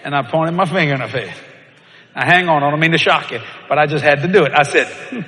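A man, preaching and telling a story with lively shouts and laughter. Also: on the high side, fast talker. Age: older. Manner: animated, shouting punchlines, laughing. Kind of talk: sermon storytelling. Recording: echoey hall with crowd.

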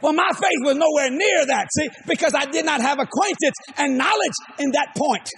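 An older man with a Cajun accent preaching a sermon, emphatic and repetitive, often shouting his lines. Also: extremely high pitch, animated, normal speed, slight background noise.

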